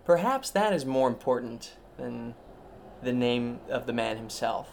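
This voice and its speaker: A man's voice: medium pitch, lively intonation, unhurried, creaky, slight background noise. A man hosting a solo podcast, rambling in a meandering, self-interrupting, mock-grand way. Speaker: podcast host.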